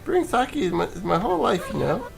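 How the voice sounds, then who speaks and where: A man putting on a high-voiced young sake-brewing woman. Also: big pitch swings, fast, gravelly, faint music behind, heavily acted. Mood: earnest.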